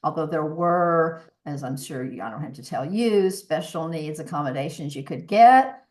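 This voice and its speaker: Earnest woman voice coach, low voice. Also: lively intonation, normal speed, a little mellow. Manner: earnest, reflective, with frequent restarts. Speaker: podcast guest, voice coach. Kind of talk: conversational interview.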